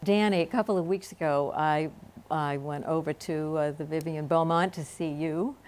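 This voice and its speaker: Low-voiced woman interview host. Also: steady tone, normal speed, a little mellow. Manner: attentive, backchannels often. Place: TV studio.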